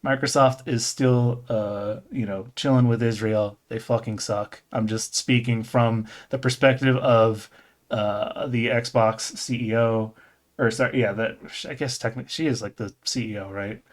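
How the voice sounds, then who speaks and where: A man's voice: mid-range voice, steady tone, measured pace. Man, podcast co-host, casual chat, rambling, self-correcting, laughs a lot.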